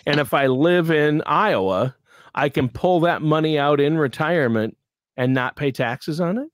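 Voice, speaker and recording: A man's voice: on the high side, lively intonation, normal speed, dry recording, clean studio sound. A middle-aged man from Minnesota co-hosting a podcast, bantering in a wry, joking way. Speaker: podcast co-host. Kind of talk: casual podcast chat.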